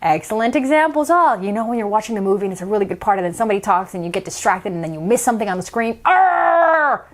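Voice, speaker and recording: A woman music teacher reading a picture book aloud to young children. She is animated, adds playful asides, and moves from whispers to shouts to show each voice level. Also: very fast. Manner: playful self-commentary in a lowered voice.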